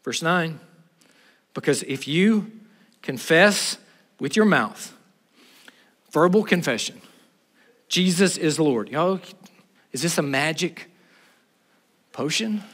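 A man preaching a sermon in an animated way, joking with and talking to the crowd. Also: a little high, slow, long pauses, long reverb tail. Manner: animated, talks to the crowd, uses humor.

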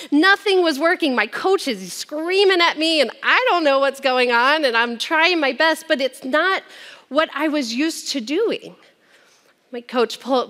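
Earnest woman telling her story, reverberant hall. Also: high-pitched. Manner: earnest storytelling, dropping soft at heavy moments. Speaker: speaker sharing a personal testimony. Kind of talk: personal testimony to an audience.

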